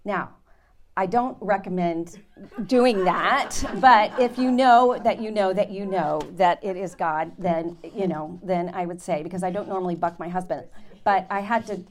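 A woman Bible teacher giving an animated, dramatic testimony to her class, with laughs. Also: on the low side, measured pace. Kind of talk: sermon storytelling.

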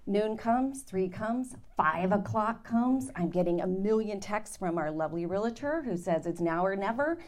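A woman Bible teacher giving an animated, dramatic testimony to her class, with laughs. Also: mid-range voice, moderate pace, hardly any pauses. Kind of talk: sermon storytelling.

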